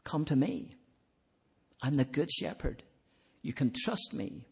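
Man preaching a sermon, slow and earnest, gets loud then goes soft and quiet. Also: mid-range voice, lively intonation, gravelly, slightly rough. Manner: earnest, rising to emphatic peaks then dropping soft.

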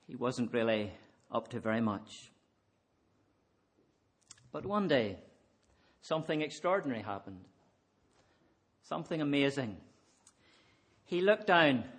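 A man preaching a sermon in a measured, earnest way, leaning on repeated refrains. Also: mid-range voice.

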